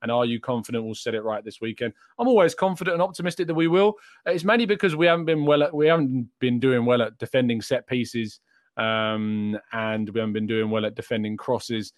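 A man's voice: medium pitch, brisk, dry recording, studio quality. A young English man hosting a casual live show, chatting and answering questions from the chat. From England. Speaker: host.

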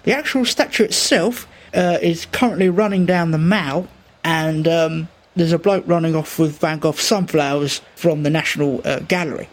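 A man telling an improvised comic tall tale, rambling with stumbling restarts and deadpan swearing. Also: a little high, moderate pace.

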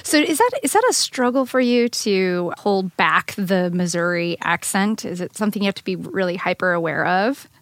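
A woman's voice: lowish voice, normal speed, few pauses, no room sound. Upbeat woman podcast co-host. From Peoria, Illinois. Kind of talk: casual chat. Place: recording studio.

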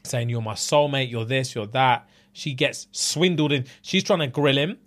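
A man, co-hosting a casual podcast and telling a story in an animated way, full of slang and laughter. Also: medium pitch, moderate pace. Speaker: podcast co-host. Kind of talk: casual chat.

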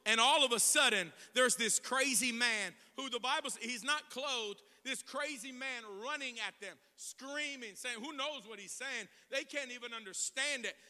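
A man preaching a sermon as pastor, telling the story with lively acted-out voices and building to shouted proclamations. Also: very high-pitched, normal speed, hardly any pauses. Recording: echoey hall.

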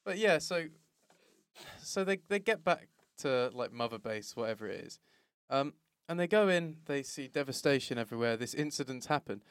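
A man's voice: medium pitch, lively intonation, normal speed, clean tone, no room sound, studio quality. A man, co-hosting a casual chat and retelling scenes with lots of laughter and swearing. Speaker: podcast co-host.

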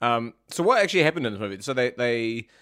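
A man co-hosting a casual movie podcast, sarcastic and quick to swear. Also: mid-range voice, very animated, fairly bright tone, clear, resonant tone, no room sound, studio quality. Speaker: podcast co-host.

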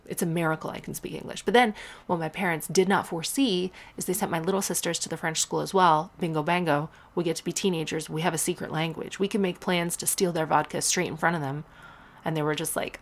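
Gravelly-voiced woman telling wry stories. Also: low voice, fairly quick. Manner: animated, wry, puts on voices for quotes. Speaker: podcast host. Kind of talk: casual storytelling monologue.

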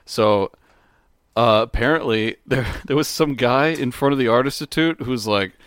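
A man's voice: mid-range voice, normal speed, a bit bright, clear, resonant tone, no room sound, studio quality. A young man in casual chat, laid-back and laughing often as he tells stories.

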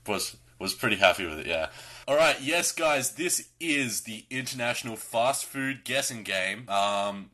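An Australian man co-hosting a podcast and running a quiz game, laid-back and quick to laugh. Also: on the low side, bright, forceful tone. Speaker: podcast co-host, game presenter. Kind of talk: casual chat.

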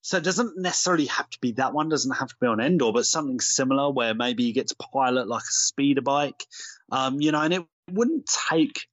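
A man's voice: mid-range voice, expressive, fairly quick, a bit bright, dry recording. A man co-hosting a fan podcast in easy, chatty talk, full of "like" and "you know" and plainly enthusiastic. His voice sits mid-range, recorded dry with a slightly dull, muffled tone. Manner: enthusiastic, chatty, lots of fillers. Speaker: podcast co-host. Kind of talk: casual chat.

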